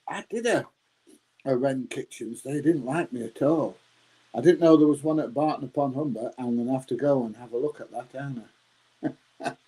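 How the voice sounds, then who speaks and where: A man's voice: on the high side, warm tone, low-quality recording. A man, rambling casually as he answers his viewers' live chat and calling them mate. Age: 60s. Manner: rambling, chatty, laughs often, says mate.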